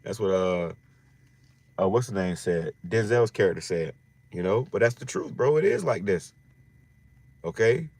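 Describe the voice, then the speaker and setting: Low-voiced man giving a slangy scripture talk. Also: lively intonation, normal speed, long pauses, a little mellow, dry recording. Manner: slangy, repeats phrases, frequent restarts. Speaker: religious teacher. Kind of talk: informal scripture teaching.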